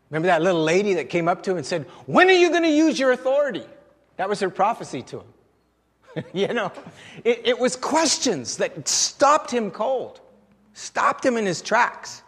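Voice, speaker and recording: High-voiced man preaching in an echoey hall. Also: a bit bright, slightly rough. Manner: conversational, chuckling storyteller. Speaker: pastor. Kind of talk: sermon.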